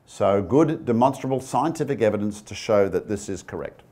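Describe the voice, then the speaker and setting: Guy with a lowish voice doing a slide talk, chatty, asks the crowd stuff, cracks little jokes. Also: lively intonation, normal speed, warm tone. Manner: conversational, quizzes the audience; joking asides. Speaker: guest speaker. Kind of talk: presentation with slides.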